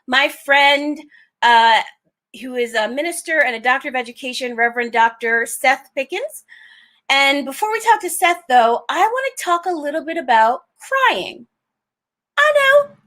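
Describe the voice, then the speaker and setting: Woman host, high voice, exuberant and frank, casual livestream chat. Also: fairly bright tone. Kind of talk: casual livestream talk-show monologue.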